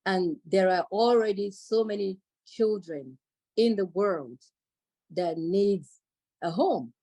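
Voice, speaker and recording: A woman in a book club discussion, speaking in a measured, thoughtful way with some hesitant fillers. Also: medium pitch, dark tone, no room sound, rough recording. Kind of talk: casual group discussion.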